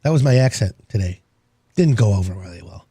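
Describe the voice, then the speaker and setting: A man's voice: fairly low pitch, expressive, brisk, mellow, breathy edge, no room sound, clean studio sound. A man hosting a home improvement radio show, rambling in enthusiastic salesman patter. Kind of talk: casual on-air talk.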